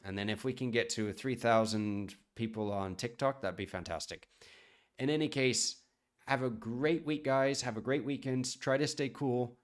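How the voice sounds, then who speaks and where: At a moderate pace and medium pitch, an American man who works as a chef talks casually on a live stream, rambling as he answers questions from viewers.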